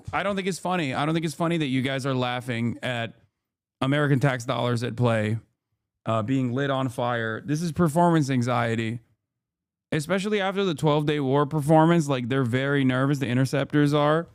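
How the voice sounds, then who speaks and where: A man's voice: medium pitch, a little fast, clear, resonant tone, dry recording. A man in his thirties doing live political commentary as a streamer, sarcastic and profane, ranting on a close mic.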